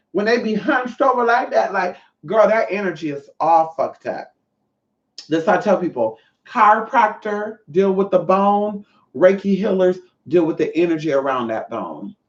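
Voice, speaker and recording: A man with a high-pitched voice delivers a sassy, profane, scolding rant straight to camera. The sound is roomy and echoey, and the recording is dull and lo-fi. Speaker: vlogger and self-taught Reiki healer. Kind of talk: profane ranting monologue.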